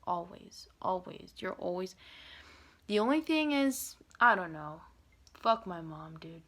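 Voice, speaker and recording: A woman venting in a monologue, blunt and profane, rambling with many fillers and swinging between loud outbursts and hushed, whispered asides. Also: fairly low pitch, sing-song, measured pace.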